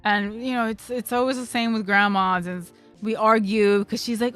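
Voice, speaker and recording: A young woman streamer rambles through a casual story in a slightly high voice, leaning on fillers and swearing freely. Faint music sits under her voice. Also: fairly even intonation, normal speed, a bit bright, clear, resonant tone.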